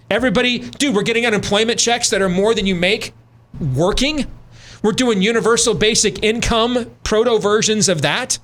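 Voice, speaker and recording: A man's voice: high voice, moderate pace, fairly bright tone. A middle-aged man hosting a radio talk show, ranting with sarcastic, emphatic commentary.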